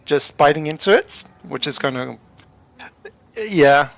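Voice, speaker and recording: A man describes his character's actions in a tabletop game, slowly and haltingly, with lots of pauses and fillers. His voice has a gravelly, creaky edge. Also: a little high, a bit bright, dry recording. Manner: halting, laughing, many fillers. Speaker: player. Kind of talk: casual tabletop game play.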